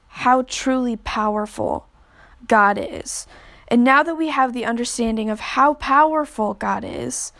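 A young woman giving a casual devotional talk on a podcast, earnest, with many fillers and restarts. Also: fairly high pitch. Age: young adult.

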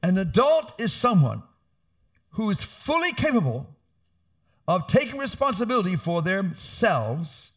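Middle-aged male pastor, animated sermon delivery, slightly high voice with lively swings. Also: unhurried. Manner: animated preaching, rising to emphatic calls.

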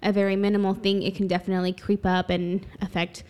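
A woman's voice: mid-range voice, level tone, quick pace, a little mellow, clean tone. A woman co-hosting a casual podcast chat, talking things through with personal examples and some teasing. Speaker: podcast co-host.

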